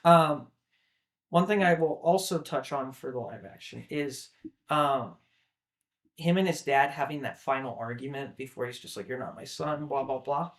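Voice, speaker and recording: A man's voice: medium pitch, normal speed. A young man co-hosting a casual film discussion, talking enthusiastically and rambling with lots of filler words. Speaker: podcast co-host.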